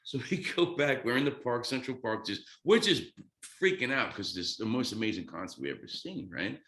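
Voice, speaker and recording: A man in his fifties, a guest drummer, telling a story excitedly, swearing freely and acting out quotes. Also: mid-range voice, a little fast, echoey room. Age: 50s. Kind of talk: animated storytelling.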